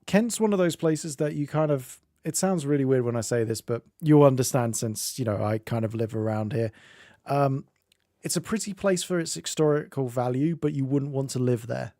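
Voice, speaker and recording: A man's voice: medium pitch, normal speed, warm tone, dry recording, studio quality. A man from Northamptonshire with an English accent, streaming and chatting casually with a rambling, self-interrupting manner. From Northamptonshire, England. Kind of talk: casual chat.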